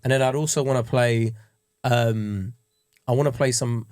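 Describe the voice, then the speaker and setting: A man's voice: medium pitch, moderate pace. A man, chatting crudely and jokily as a podcast co-host. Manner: crude, animated, jokey. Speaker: comedian co-host. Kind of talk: casual podcast chat.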